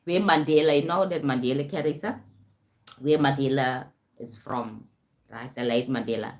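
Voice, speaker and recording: A woman's voice: a bass voice, moderate pace. A South African woman hosting a casual live talk, keeps checking in with her listeners by asking "right?" and "you understand?". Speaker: host. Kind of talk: casual live-stream talk on self-help.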